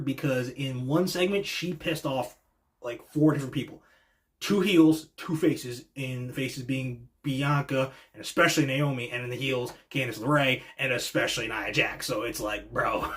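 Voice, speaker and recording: A man hosting a wrestling reaction show, talking in an excitable, slangy way that swings between hushed and loud. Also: mid-range voice. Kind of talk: casual reaction commentary.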